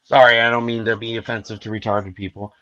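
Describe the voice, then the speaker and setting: A man's voice: lowish voice, little pitch movement, fast, pushed and bright, muffled recording. An American man on a panel show, telling a crude story casually and putting on voices for the people he quotes. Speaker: podcast panelist.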